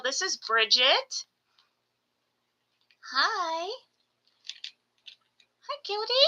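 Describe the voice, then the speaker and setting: Woman, high-pitched, casual live stream host, gushing, baby-talking to pets. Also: pushed and bright, poor audio. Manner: gushing, baby-talks to her geckos. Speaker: reptile breeder hosting a live sales stream.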